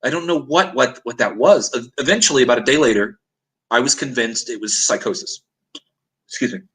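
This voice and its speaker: Guy with a bright sharp voice telling an intense personal story, acts out the quotes. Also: mid-range voice, fairly quick, low-quality recording. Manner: earnest, dramatic retelling with acted-out quotes.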